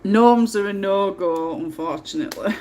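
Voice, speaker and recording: A woman's voice: mid-range voice, normal speed, dark tone, slight background noise. Chatty woman storyteller. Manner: chatty storyteller, laughs often. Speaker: livestream host. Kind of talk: casual livestream chat.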